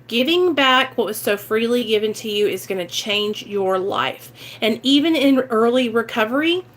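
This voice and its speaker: Recovery vlogger, woman, Midwestern American accent, high voice, emotional and direct, casual live chat. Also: animated, moderate pace, a bit bright. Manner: earnest, emotional, talks straight to viewers.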